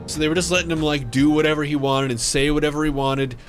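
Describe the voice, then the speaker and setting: On a livestream, a gamer host with a fairly high voice tells a story quickly and loosely in a level tone, with soft music playing behind him. He swears freely and his talk is full of fillers and restarts.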